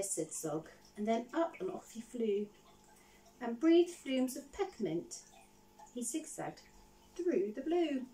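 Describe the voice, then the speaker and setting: A woman reads a picture book to a class in a slow, lively, sing-song way, her pitch bouncing high and low. She keeps stopping to ask the children questions. Her voice sounds a little distant from the mic. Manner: animated, asks the listeners questions. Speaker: teacher reading a picture book. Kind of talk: storybook reading to children.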